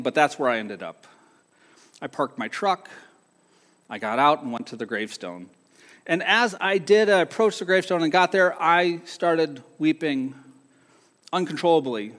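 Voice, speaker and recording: A man giving an earnest sermon testimony, telling a personal story that swings between soft and emphatic moments. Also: on the high side. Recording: long hall reverb.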